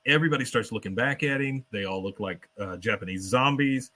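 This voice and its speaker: A man hosting a podcast, casually retelling a cartoon episode scene by scene, swearing and dropping into quick character voices. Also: mid-range voice, animated, bright, forceful tone. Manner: swears casually and laughs while telling. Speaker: podcast host recapping an episode. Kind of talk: casual chat.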